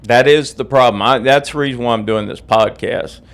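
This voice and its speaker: A man's voice: medium pitch, normal speed. A middle-aged man, hosting his own podcast in a profane, agitated rant just after waking up. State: just woke up, drinking coffee. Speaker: podcast host. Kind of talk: angry personal podcast rant.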